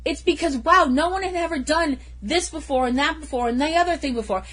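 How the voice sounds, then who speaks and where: A woman co-hosting a casual film podcast, playful and punning, quick to laugh at herself. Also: high voice, fairly bright tone. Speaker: podcast co-host.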